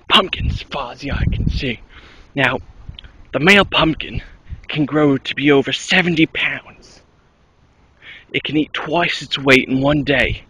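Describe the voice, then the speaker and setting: A man's voice: medium pitch, a little mellow, husky, dry recording. A man putting on a pompous English nature presenter. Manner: mock-grave documentary narration. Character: mock-serious male nature-documentary presenter with a put-on English accent. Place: outdoors at an orchard.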